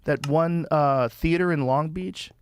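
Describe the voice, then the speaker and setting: A man hosting a podcast, telling stories in a casual, profane, animated way. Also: fairly high pitch, measured pace, clear, resonant tone. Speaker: podcast host.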